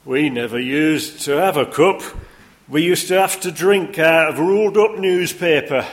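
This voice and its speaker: Guy doing a loud high old yorkshireman, yorkshire accent, bragging and overdone. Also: moderate pace, close to an everyday voice. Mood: boastful. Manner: high, loud, exaggerated one-upmanship. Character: boastful old male Yorkshireman bragging about hardship.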